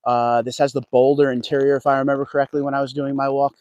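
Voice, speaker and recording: Speaking fast and flat, this car vlogger has a mid-range, slightly mellow voice, captured muffled with no room sound. He wanders an outdoor dealership lot on a casual livestream, talking with viewers and calling them by name.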